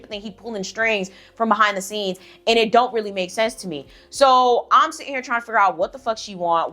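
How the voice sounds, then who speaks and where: Blunt, profane young woman vlogger. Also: fairly high pitch. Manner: blunt, profane and sassy, with animated asides. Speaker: vlogger telling a story. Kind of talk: casual storytime chat.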